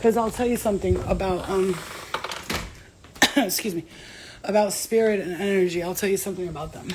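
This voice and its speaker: A woman with a medium-pitched voice speaks fairly quickly over a noisy background. She's a psychic medium and host telling a story to a live audience, animated and profane, using casual streetwise slang and swearing a lot.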